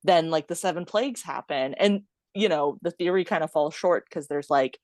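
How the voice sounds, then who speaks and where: A woman's voice: sits low, normal speed, darkish tone, no echo, studio quality. A woman co-hosting a podcast, chatty and giggly, thinking aloud about a film. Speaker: podcast co-host. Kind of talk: casual chat about a film.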